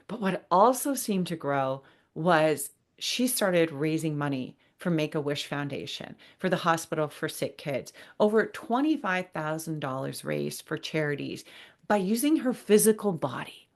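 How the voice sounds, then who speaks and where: A woman hosts a podcast in an unscripted solo monologue. Her voice sits a little low, and she talks earnestly and loosely, wandering off on tangents and restarting words as she goes. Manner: earnest, rambling, with many fillers and restarts. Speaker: podcast host.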